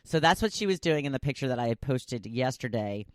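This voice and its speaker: A woman's voice: extremely low pitch, animated, fairly quick, dry recording, studio quality. A woman hosting a solo podcast, chatting casually and animatedly, often laughing as she talks. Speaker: podcast host.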